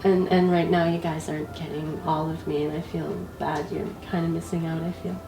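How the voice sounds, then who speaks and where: A woman's voice: sits low, level tone, a little fast, reverberant, distant mic, background noise. A woman who is sick with a cold, telling a casual story about her travels as an interview guest, laughing often.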